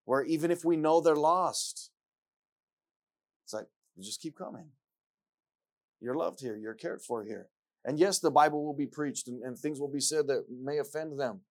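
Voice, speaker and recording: A male pastor preaching a sermon in an earnest style, repeating scripture lines for emphasis and rising from quiet reflection to loud excitement. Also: on the high side, moderate pace, long pauses.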